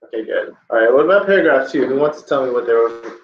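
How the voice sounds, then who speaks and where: A man's voice: medium pitch, animated, fast, a little hiss or hum. A man teaching a classroom lesson, joking with the class as he talks. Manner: joking, playful asides. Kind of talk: classroom lecture. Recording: dull, roomy classroom audio.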